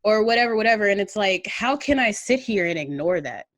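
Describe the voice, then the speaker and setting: Slightly drunk and chatting on a podcast she co-hosts, this woman tells a story in an animated, brisk, fairly bright medium-pitched voice. Studio-quality audio with no room sound catches her laughter, frequent ums and cursing.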